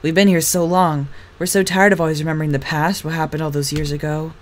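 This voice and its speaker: A woman reading the soft, pleading words of weary ghost children in a horror dating game. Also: low voice, flat delivery, fast, lightly acted. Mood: mournful.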